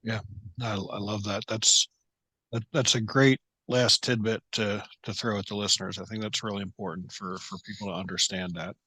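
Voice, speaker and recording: A man's voice: fairly low pitch, steady tone, moderate pace, sharp tone, breathy edge, no room sound, rough recording. A man hosting a podcast interview, friendly, with many fillers. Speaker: podcast host.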